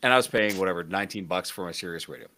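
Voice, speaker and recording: A man's voice: low-pitched, racing, slight background noise. A man co-hosting a live show, telling stories in a casual, joking chat and laughing often. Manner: animated, laughing storyteller. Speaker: co-host.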